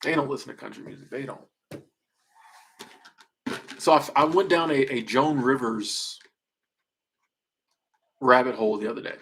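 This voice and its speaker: Husky man joking with viewers. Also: medium pitch, normal speed, pauses often, a bit bright. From Southern United States. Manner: joking, rambling, trails off and restarts. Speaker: streamer. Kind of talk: casual livestream chat reacting to viewer comments.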